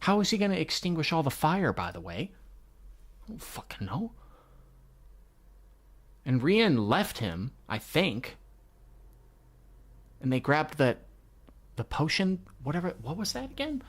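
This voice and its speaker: A man's voice: on the high side, big pitch swings, moderate pace. A man reading a comic aloud and reacting as he goes. He talks casually, swears often and sighs between thoughts. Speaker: manga reader reacting. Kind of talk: live reading reaction commentary.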